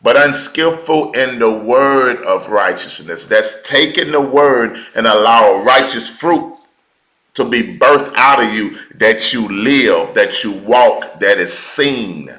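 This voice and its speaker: A man teaching a sermon at a slow, deliberate pace, his voice bright and a little low. He repeats key words for emphasis and speaks in a loose, colloquial way. The room gives his voice a roomy echo. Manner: informal colloquial speech. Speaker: preacher.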